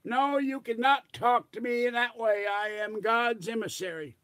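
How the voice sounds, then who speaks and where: A man's voice: very high voice, fairly even intonation, pitched above the performer's own voice. A man voicing a pompous self-styled ten-star general, calling in to a radio show as a prank caller and speaking with indignant, grandiose outrage. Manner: indignant, grandiose, drawn-out shouting.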